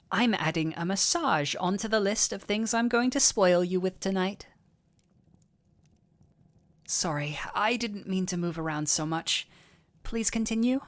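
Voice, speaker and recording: A woman's voice: mid-range voice, slow, pauses often, lightly acted. A woman voicing a sweet, clumsy male dullahan boyfriend in an audio role-play, tender and giddy with affection. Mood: affectionate. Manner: tender, giddy and affectionate, playful self-teasing. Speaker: voice actor.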